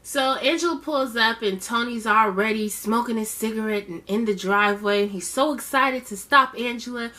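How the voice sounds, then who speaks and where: A woman's voice: on the high side, normal speed, few pauses, sharp tone. A woman casually recapping a reality show episode in a chatty, sassy way, with slangy asides.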